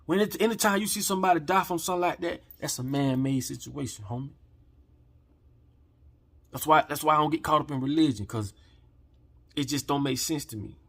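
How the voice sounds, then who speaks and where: Man, husky, fired-up profane rant, fairly high voice. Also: brisk, long pauses. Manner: heated, profane, preachy, swings from quiet to shouting. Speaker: channel host. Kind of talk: impassioned rant to camera.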